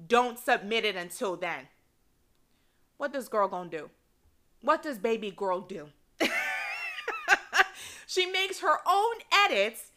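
Bright-voiced, animated woman storyteller. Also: mid-range voice. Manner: animated, indignant, quick retelling with laughs. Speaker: podcast host telling a story. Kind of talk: casual storytelling.

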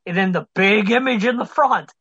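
Blunt, bright-voiced podcast host. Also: male voice, high-pitched, normal speed, breathy edge, dry recording, lo-fi sound. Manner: blunt, opinionated, swears freely. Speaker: podcast co-host, wrestling news reporter. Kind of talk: casual podcast chat.

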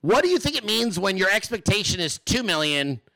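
A man's voice: high-pitched, lively intonation, moderate pace, few pauses, sharp tone. A man hosting a livestream of political commentary, ranting with profane sarcasm and throwing mocking questions at his audience. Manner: asks the audience rhetorical questions. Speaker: political commentator, show host.

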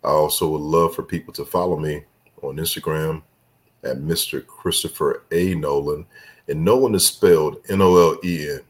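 A man's voice: rumbling low, fairly even intonation, normal speed. A man guest on a talk show, chatting casually, drifting off on tangents and laughing as he spells things out. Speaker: guest filmmaker. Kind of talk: casual podcast chat.

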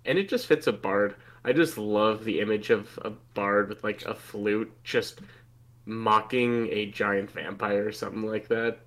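A man's voice: lowish voice, unhurried, fairly bright tone. A man co-hosting a casual tabletop game podcast, easygoing and agreeable. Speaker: podcast co-host. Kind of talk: casual chat about tabletop game spells.

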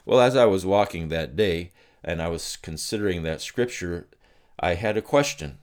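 Middle-aged guy, really deep voice, slow earnest devotional talk. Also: expressive. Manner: slow, earnest storytelling with reflective pauses. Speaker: Christian teacher. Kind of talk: devotional teaching.

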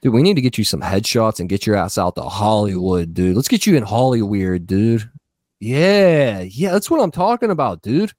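A man in his thirties, high, hosting a casual podcast chat, swearing a lot and ending lines with "dude". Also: lively intonation, moderate pace, darkish tone, no echo, clean studio sound. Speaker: podcast co-host.

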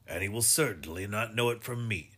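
A man voicing an old sea captain, uneasy and stiff, quick to grumble. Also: deep voice, lively intonation, a bit bright, slightly rough, heavily acted. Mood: gruff. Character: old male sea captain, cautious and easily irritated.

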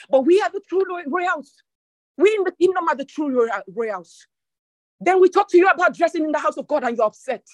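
A woman preacher delivering an impassioned sermon, repeating lines for emphasis and dropping into low, slow prayer. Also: animated, no echo. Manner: speaks in tongues during prayer.

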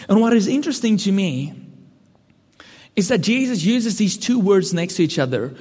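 A man's voice: high voice, expressive, normal speed, mellow, husky. A man preaching a sermon, earnest and building to emphatic questions. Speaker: pastor. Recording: long hall reverb.

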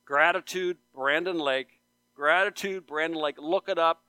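Earnest pastor preaching, smooth voice. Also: male voice, a little high, measured pace, dry recording. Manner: earnest, repeats phrases for emphasis, rises to loud appeals. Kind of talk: sermon. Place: church sanctuary.

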